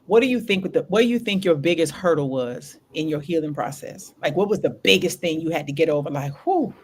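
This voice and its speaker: A woman hosting a candid podcast conversation, telling her story in an animated, laughing way with casual slang. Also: low voice, fairly quick, slight background noise. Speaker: podcast host.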